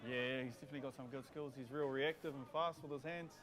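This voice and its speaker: A man co-commentating a touch rugby game with relaxed, joking banter. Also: medium pitch, quick pace. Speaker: co-commentator, club member. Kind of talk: live sports commentary. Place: outdoor sports field. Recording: outdoor crowd noise.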